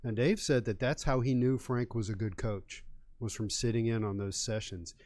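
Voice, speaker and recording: A middle-aged man co-hosting a sports podcast, telling stories in a relaxed way with wry humor. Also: mid-range voice, moderate pace, no echo. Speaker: podcast co-host, sports writer. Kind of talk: casual podcast chat.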